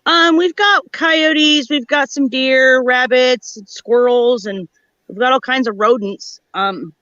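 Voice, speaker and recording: Higher-voiced woman guest on a dull phone line. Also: takes it slowly, pushed and bright, no room sound. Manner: rambling, searches for words. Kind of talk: casual chat. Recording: dull dry phone audio.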